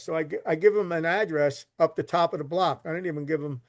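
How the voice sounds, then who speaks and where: Philly man, casual rambling storyteller, a little high-pitched, bone-dry sound. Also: fast, no echo. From Philadelphia. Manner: rambling, repeats words, swears casually. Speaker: podcast guest, recovery literature collector.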